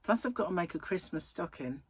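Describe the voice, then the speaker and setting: A woman in her thirties chats casually to camera, rambling through her day with lots of fillers. Her voice is husky and sits fairly low, recorded close and dry. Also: lively intonation, brisk, darkish tone, no echo. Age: 30s. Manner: rambling and chatty, with frequent fillers. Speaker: crochet vlogger. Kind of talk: casual chat.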